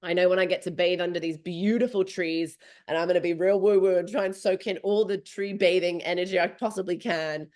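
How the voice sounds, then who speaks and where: Animated woman telling a race story. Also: on the low side, brisk, hardly any pauses. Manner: animated, swearing freely, acting out her own thoughts. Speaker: podcast host. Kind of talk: casual storytelling chat.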